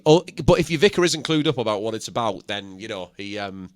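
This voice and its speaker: Yorkshire guy chatting on a livestream, lively and laughy, dry close sound. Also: on the low side, no room sound. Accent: Yorkshire English. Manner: animated, laughing, halting with restarts. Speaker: co-host, wedding musician. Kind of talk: casual live-stream chat.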